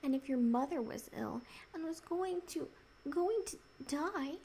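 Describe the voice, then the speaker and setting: A woman's voice: fairly high pitch, lively intonation, measured pace, darkish tone, slight background noise. A woman voicing a sulky, upset young boy who sounds miserable and wound-up, in whispered role-play.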